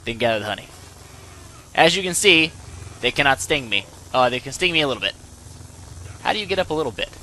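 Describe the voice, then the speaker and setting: A young man hosting a gaming channel, giving excitable let's-play commentary and yelping when things go wrong. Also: medium pitch, fast, pauses often, slight background noise. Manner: excitable, yelps and laughs when in trouble.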